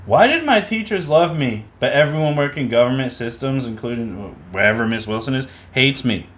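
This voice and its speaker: A man's voice: medium pitch, expressive, moderate pace, few pauses, a bit bright. A man in a casual vlog rant, sarcastic, repeating a mocking "hello" to make his points. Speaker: vlogger.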